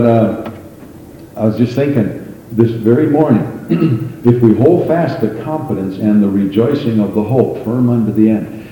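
A man preaching a sermon as pastor, fervent, rising to high exclamations and calling for amens. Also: dark tone, a little hiss or hum. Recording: echoey church hall with long reverb.

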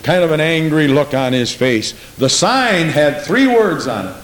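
A man with lively intonation preaches at a measured pace, his sermon full of emphatic storytelling and wide pitch swings. He often repeats "Praise the Lord." Heavy echo and faint hiss color the recording.

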